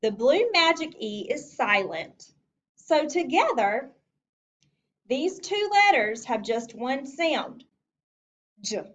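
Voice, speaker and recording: A woman teacher walks young children through a phonics lesson in a slightly high voice that rises and falls a lot. She speaks slowly, clearly and encouragingly. She sits back from the mic, and the recording sounds dull and lo-fi. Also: big pitch swings, a bit bright. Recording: distant lo-fi recording.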